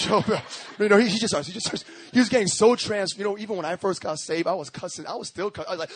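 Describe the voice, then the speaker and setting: A male pastor preaching a sermon, telling stories in a lively, slangy way and often laughing as he talks. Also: high voice, very fast, hardly any pauses, a little hiss or hum. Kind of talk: sermon with storytelling.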